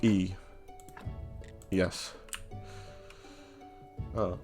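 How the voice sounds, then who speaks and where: A man's voice: deep voice, flat delivery, very slow, a little mellow, soft background music. A man commentating his own gameplay on a stream, wry and sarcastic, swearing casually as he reads along. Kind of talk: let's play commentary.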